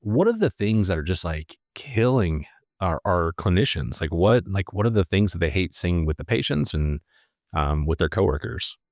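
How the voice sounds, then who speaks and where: A man's voice: low voice, lively intonation, normal speed, darkish tone, dry recording, clean studio sound. A man hosting a casual podcast chat, thoughtfully asking his guests open questions. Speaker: podcast host.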